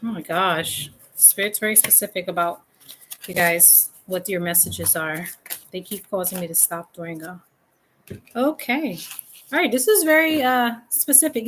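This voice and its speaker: A woman does a casual tarot reading to camera at home, chatty and informal with loose fillers. Her voice is medium-pitched and fairly bright on a rough recording, made in a room with a fan while faint renovation noise drifts down from upstairs.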